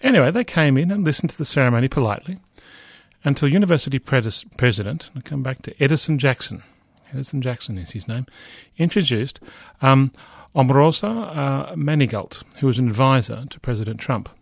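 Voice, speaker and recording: A man's voice: mid-range voice, expressive, fairly quick, vocal fry, no room sound, studio quality. A middle-aged man lecturing, reading a news report aloud with frequent asides, fillers and restarts.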